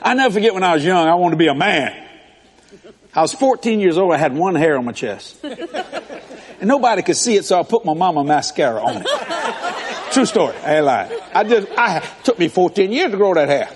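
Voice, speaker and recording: A man preaching a sermon as pastor, telling stories in an animated way with laughs. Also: high voice, fairly quick. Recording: echoey hall.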